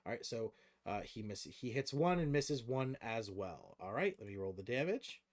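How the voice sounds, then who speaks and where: A man's voice: fairly low pitch, big pitch swings, moderate pace. A man running a tabletop role-playing game on a stream, muttering dice rolls and rules and then narrating monster scenes vividly. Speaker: game master.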